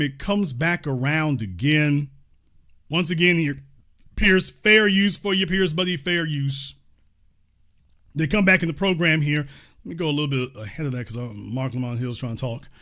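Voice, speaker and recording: A man's voice: fairly high pitch, bright, forceful tone. A man hosting a reaction commentary, talking straight to his viewers in a mocking, rhetorical way. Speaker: commentary host.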